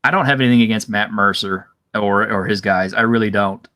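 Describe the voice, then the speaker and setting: A man's voice: lowish voice, a little fast, pushed and bright. A man co-hosting a casual discussion over a video call, rambling and filling his talk with "you know". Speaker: co-host.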